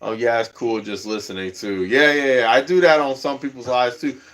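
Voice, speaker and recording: A man's voice: medium pitch, moderate pace, fairly bright tone. A man livestreaming, chatting casually and rambling, chuckling often as he talks.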